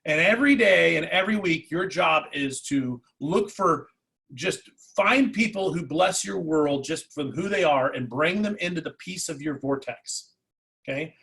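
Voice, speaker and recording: A man giving a motivational real estate coaching talk, energetic and repetitive, speaking straight to his agents. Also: on the high side, measured pace, gravelly, breathy edge, poor audio. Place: training session.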